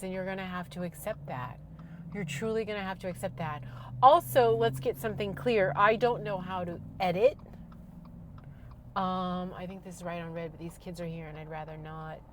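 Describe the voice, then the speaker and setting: A middle-aged woman, rambling loudly and self-deprecatingly to camera while driving, on a clip-on mic. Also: mid-range voice, normal speed, slight background noise. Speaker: vlogger. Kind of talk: rambling casual monologue. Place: in her car while driving. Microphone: clip-on microphone.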